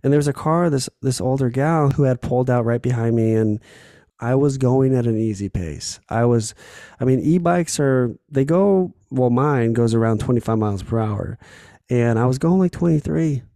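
Male podcast host, casual and candid, swears a lot, gravelly and dry-sounding. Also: mid-range voice, normal speed, mellow, no echo. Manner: candid, swears freely, acts out little scenes. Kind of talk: casual solo podcast talk.

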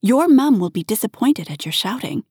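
A woman's voice: fairly high pitch, very animated, normal speed, darkish tone, breathy edge, dry recording, clean studio sound, pitched above the performer's own voice. A woman voicing a bold young woman who is cool, confident and mocking, in an audio story. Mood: defiant.

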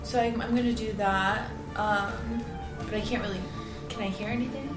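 A woman's voice: medium pitch, steady tone, normal speed. Woman tabletop player, hesitant and questioning, roomy echo, music behind. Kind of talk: casual tabletop game play. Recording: echoey room with music behind.

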